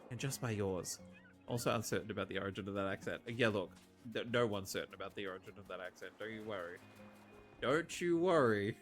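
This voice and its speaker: A man's voice: low-pitched, fast, faint music behind. A man casually commenting on a farming game playthrough, joking and talking to the characters. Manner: animated, jokey, talks to game characters. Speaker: streamer.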